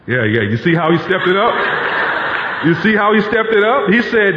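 A pastor delivering a sermon in a conversational style, often repeating key phrases for emphasis. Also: male voice, high voice, lively intonation, normal speed, background noise. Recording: reverberant hall, dull lo-fi sound.

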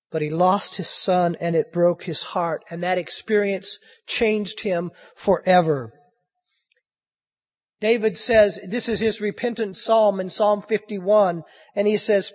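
A man's voice: high-pitched, fairly even intonation, slow, a little mellow, long reverb tail. A man preaching a sermon, pressing the room with impassioned rhetorical questions.

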